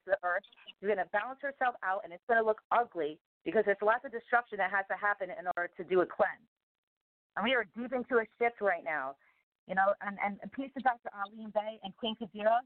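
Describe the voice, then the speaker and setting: A woman's voice: mid-range voice, no room sound. A woman guest on a talk show, speaking in a meandering, emphatic way with many fillers. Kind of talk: casual rambling conversation. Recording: tinny phone-line audio, dry.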